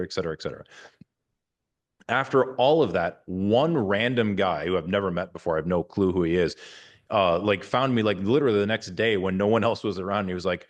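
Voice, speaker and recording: With a deep voice and a fairly quick pace, this man in his forties, a surgeon, speaks informally at a university. His talk rambles with plenty of restarts and fillers, sprinkled with wry, candid remarks.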